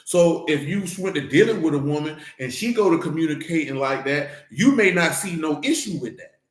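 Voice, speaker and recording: In an informal church teaching, a man addresses the congregation directly in an emphatic, conversational way. His voice sits fairly high, he's expressive and brisk, and the recording carries reverb.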